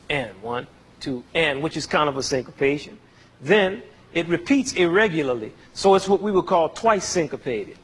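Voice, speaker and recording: A man's voice: high voice, fairly bright tone, breathy edge. A man teaching music to an audience in a playful, demonstrative way, joking and counting beats aloud. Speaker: music educator presenting to an audience. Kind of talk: playful lecture with spoken demonstrations. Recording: long reverb of a concert hall.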